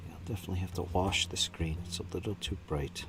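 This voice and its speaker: A man's voice: low-pitched, fast talker, music in the background. A man hosting a live stream, chatting casually and muttering to himself while he paints miniatures. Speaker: channel host painting miniatures.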